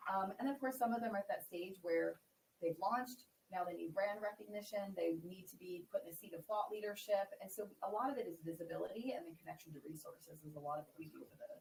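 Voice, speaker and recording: Fast-talking woman with a gravelly edge. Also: medium pitch, a little mellow, distant mic, a little hiss or hum, poor audio. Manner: quick, explanatory, uses fillers like "like" and "um". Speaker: tech organization CEO, guest. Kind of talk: casual interview answers.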